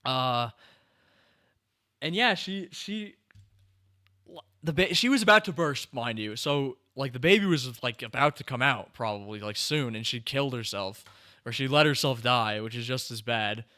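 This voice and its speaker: A man hosting a podcast, chatting casually in a rambling, animated way with many fillers and restarts. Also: mid-range voice, normal speed. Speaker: podcast host.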